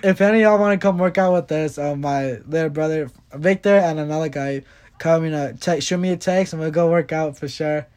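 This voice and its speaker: A man's voice: on the high side, fairly quick, darkish tone. A young man co-hosting a casual podcast, bickering with his brother, laughing often and repeating himself. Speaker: podcast co-host. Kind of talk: casual chat.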